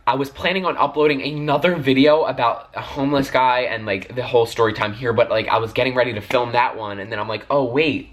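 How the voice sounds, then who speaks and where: A man's voice: medium pitch, steady tone, fast, few pauses, fairly bright tone. A young man telling a heated storytime vlog, talking animatedly, swearing constantly and filling his sentences with "like" and "literally". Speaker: vlogger.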